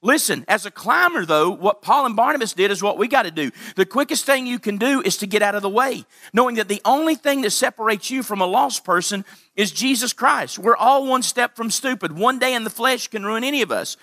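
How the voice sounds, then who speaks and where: A man's voice: high voice, animated, brisk, pushed and bright, no echo, clean studio sound. A man preaching a sermon as pastor, talking straight to his congregation and punching his key lines. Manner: direct, speaks to the congregation.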